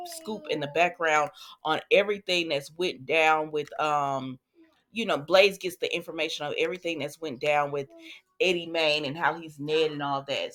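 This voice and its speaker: Casting: woman, soap recap host, chatty and animated, a touch low-pitched. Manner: chatty, animated retelling with asides to viewers. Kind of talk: casual recap chat.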